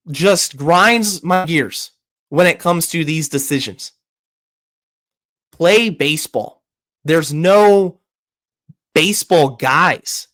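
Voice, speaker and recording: A man with a high-pitched voice hosts a sports podcast, ranting about his team's decisions. He talks fast and heated, tripping over his words and restarting sentences as his frustration builds. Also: a bit bright. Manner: heated, rapid, frequent restarts. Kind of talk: opinionated sports commentary.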